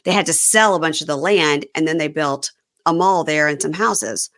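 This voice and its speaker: Woman, podcast host, lowish voice, chatty, rambling, casual recap. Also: moderate pace, fairly bright tone. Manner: chatty, rambling, laughs often.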